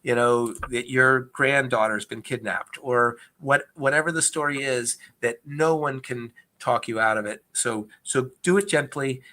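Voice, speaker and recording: Bright-voiced man explaining earnestly. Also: medium pitch, a little slow, few pauses. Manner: earnest, explanatory, with frequent restarts. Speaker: agency speaker on investor fraud. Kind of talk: conversational Q&A presentation.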